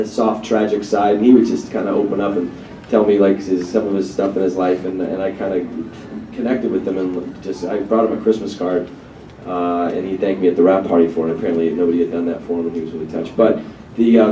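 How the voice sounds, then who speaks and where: A man telling anecdotes to an audience in a relaxed, rambling way, recorded in an echoey hall from far off. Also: fairly low pitch. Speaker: actor telling anecdotes on a panel. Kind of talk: casual storytelling to an audience. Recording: echoey hall from far off, clear background noise.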